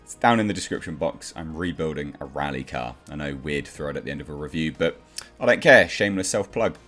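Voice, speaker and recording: A man's voice: extremely low pitch, expressive, fairly quick, fairly bright tone. A man giving a casual, blunt movie review in a ranting way, with faint music behind him.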